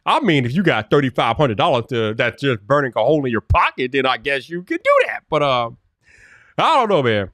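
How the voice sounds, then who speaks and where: A man hosting a casual live stream, greeting viewers one by one by name, laughing often and muttering to himself as he fiddles with his software. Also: mid-range voice, very animated, a little fast, dry recording, clean studio sound.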